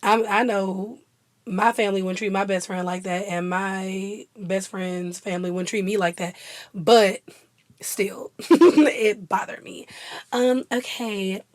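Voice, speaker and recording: A woman's voice: mid-range voice, slow, no echo. Chatty young woman, dry close sound. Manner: chatty, animated, laughs often. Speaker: vlogger. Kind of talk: casual chat.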